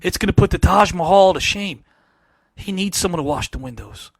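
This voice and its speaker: A man on a panel show delivering a pompous, theatrical wrestling-style promo, swinging from loud declarations to a deliberately hushed voice. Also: high voice, no room sound, studio quality.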